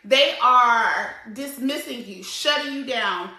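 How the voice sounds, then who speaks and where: A woman's voice: on the high side, slow, pushed and bright. Chatty woman vlogger in an echoey room. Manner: conversational, with frequent "like" and "right?". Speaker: vlog host. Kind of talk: casual commentary.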